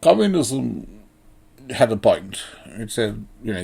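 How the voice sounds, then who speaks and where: Slow, gravelly, sardonic man. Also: medium pitch, very animated, a little mellow. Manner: sardonic, blunt and profane, with many fillers and chuckles. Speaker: political commentator. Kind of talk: monologue commentary.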